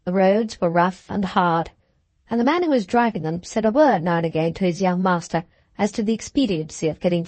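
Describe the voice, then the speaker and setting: A woman reads a classic novel aloud in a measured, even way. Her voice sits at a middle pitch and the sound is close and dry, with no room around it. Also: no room sound. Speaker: audiobook narrator. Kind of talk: scripted audiobook narration.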